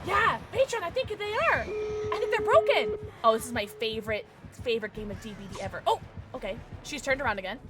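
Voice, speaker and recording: A young adult woman streamer giving excitable live gameplay commentary, shrieking and laughing through chases. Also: fairly high pitch, fairly quick, loud music behind the voice.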